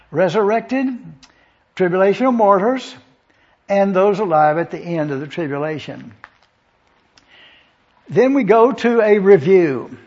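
A man's voice: high voice, darkish tone, dull audio. A man preaching an expository Bible lesson, methodically listing and repeating points for review with a dry touch of sarcasm.

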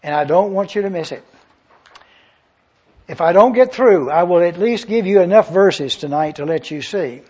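Emphatic male preacher, high-pitched and husky; lo-fi sermon tape. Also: animated, normal speed, warm tone. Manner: emphatic, repeats key phrases, asks the audience if they follow. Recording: dull lo-fi sermon recording.

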